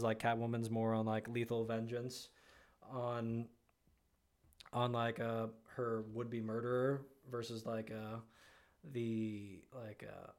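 A man co-hosting a podcast in casual chat, rambling with lots of fillers. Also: mid-range voice. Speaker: podcast co-host.

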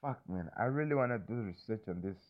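A man with a lowish voice talks in a loose, rambling way, swearing often and circling back with "you understand me?" The sound is thin and narrow, like it came over a phone line. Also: expressive, quick pace. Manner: loose, repetitive, swears freely, keeps asking "you understand me?". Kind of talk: casual rambling monologue.

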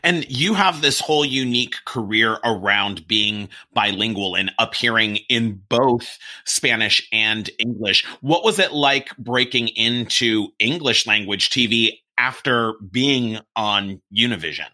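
A man's voice: lowish voice, a little slow, few pauses, sharp tone. A man hosting an interview, asking short, direct questions. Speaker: interview host.

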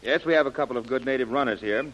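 An actor playing a brisk expedition leader who gives crisp orders, in a 1930s radio drama style. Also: male voice, medium pitch, fairly bright tone, natural voice. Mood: commanding. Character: brisk commanding man leading an expedition. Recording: muffled old radio recording.

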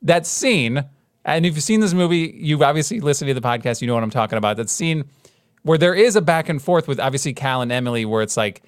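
A man's voice: fairly high pitch, quick pace, clean tone, no room sound, studio quality. A man in his thirties co-hosting a podcast, chatting casually and rambling with frequent restarts. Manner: rambling, restarts often, animated retellings. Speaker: podcast co-host. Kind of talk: casual chat.

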